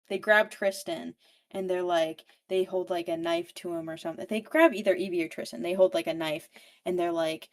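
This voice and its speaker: A woman's voice: lowish voice, steady tone, normal speed. A woman giving a casual, chatty book recap, swearing freely and saying "like" constantly. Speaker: book podcast host or guest.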